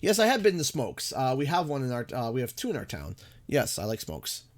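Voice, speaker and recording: Here the Canadian gaming streamer, a young adult man, sounds very animated and a little fast in a mid-range voice. He stays chatty as he comments on the live game, mutters about it and thanks viewers.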